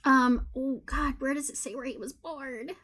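A woman from Texas co-hosts a podcast in relaxed, casual chat. Her voice sits a little high, and she giggles and jokes easily. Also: normal speed. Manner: giggly, playful and chatty. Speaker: podcast co-host.

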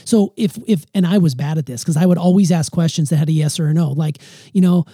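A man's voice: on the high side, fast, mellow, slightly rough, dry recording, studio quality. A middle-aged man in a casual family chat, earnestly giving a grown child reflective advice.

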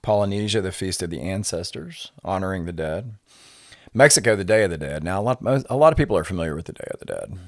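A middle-aged man, a podcast guest, explaining things in an unhurried, lecturing way with many filler words. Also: low-pitched, animated, no room sound, clean studio sound. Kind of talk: conversational explaining.

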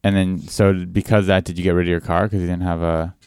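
Male interviewer, deep smooth voice, asks short follow-ups. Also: little pitch movement, fast, darkish tone, dry recording, clean studio sound. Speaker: podcast host. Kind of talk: casual interview chat.

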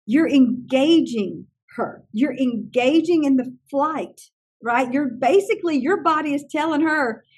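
A woman who trains teachers, telling animated stories in an interview and acting out other people's lines. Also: high voice, unhurried. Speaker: teacher trainer and classroom consultant. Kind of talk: conversational interview storytelling.

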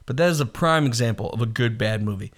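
A man in casual chat about movies, animated and quick to laugh, slipping into quotes of film lines. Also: mid-range voice.

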